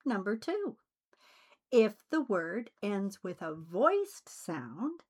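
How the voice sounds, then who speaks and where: A woman teaching English pronunciation in a slow, scripted way, carefully enunciating each sound. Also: mid-range voice, sing-song, breathy edge. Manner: deliberate, carefully enunciated delivery.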